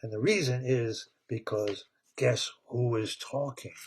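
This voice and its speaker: A man retelling a cartoon story in a rambling, animated way, laughing as he goes. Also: mid-range voice, a little slow, a little hiss or hum. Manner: rambling, animated, laughs at his own tale.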